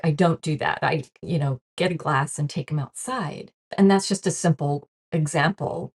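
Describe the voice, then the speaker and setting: A woman's voice: fairly low pitch, breathy edge. A woman giving a casual spiritual talk to camera, earnest and chatty, often laughing and acting out quoted reactions. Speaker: spiritual teacher.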